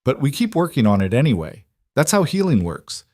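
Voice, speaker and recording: Man voicing a calm, protective husband. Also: medium pitch, brisk, no room sound, studio quality, voice pushed up. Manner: calm, reassuring.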